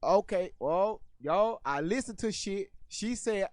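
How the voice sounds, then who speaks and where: A man's voice: fairly high pitch, lively intonation, moderate pace, hardly any pauses, no room sound. A man hosting his own channel, giving casual commentary on a video clip in an incredulous way, repeating himself and swearing freely. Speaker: channel host reacting to clips.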